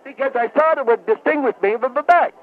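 A man's voice: very high-pitched, quick pace. A man playing a touchy male doctor with slurred, mumbled, hard-to-understand speech. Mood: defensive. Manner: touchy and defensive. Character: garbled-talking male doctor, former lion tamer. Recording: tinny phone-like line.

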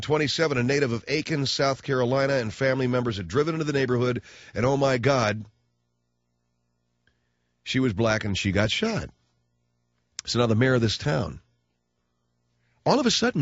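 A man's voice: medium pitch, dry recording. A man hosting a talk radio show, delivering a brash, blunt and sarcastic monologue into a studio microphone. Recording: dull lo-fi radio broadcast.

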